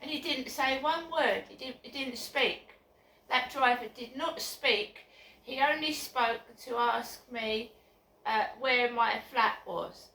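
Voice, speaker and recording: Outside her flats, a vlogger talks into her phone slowly in a slightly high, bright and forceful voice. Upset and insistent, she repeats herself, heard from a distance with echo and faint background noise.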